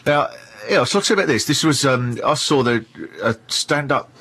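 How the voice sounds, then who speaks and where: A man's voice: mid-range voice, animated, normal speed, pushed and bright, breathy edge. A man in casual radio chat, telling long, rambling anecdotes with lots of laughing.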